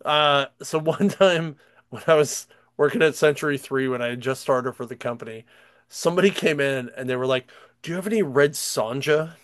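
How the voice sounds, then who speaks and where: A man's voice: mid-range voice, normal speed, fairly bright tone, clean tone, no room sound, clean studio sound. A man chatting casually and telling stories as a podcast host, rambling with lots of fillers and frequent laughter. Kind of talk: casual chat, storytelling.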